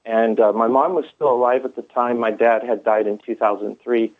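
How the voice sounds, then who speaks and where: A man's voice: mid-range voice, fairly even intonation, normal speed. A man telling his story in a rambling way, with many fillers and restarts, heard through a phone line. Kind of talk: first-person storytelling.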